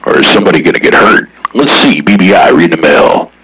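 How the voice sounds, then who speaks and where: Husky, lively man on a CB radio. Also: sits low, fast talker, recorded from a distance, rough recording. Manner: drawling, slangy, animated. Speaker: CB radio operator. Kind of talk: casual radio chatter.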